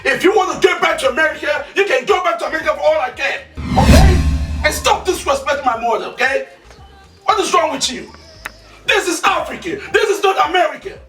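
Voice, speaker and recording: A man's voice: mid-range voice, animated, normal speed, bright, forceful tone. A man playing a husband who defends his mother in a blustering way. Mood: angry. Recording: far-off echoey room with music.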